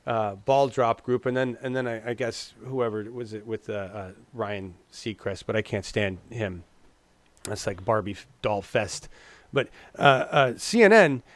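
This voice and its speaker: A man's voice: mid-range voice, fairly bright tone, dry recording. A man co-hosting a casual political chat, rambling and restarting his words, slipping into mocking impressions. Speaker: podcast co-host.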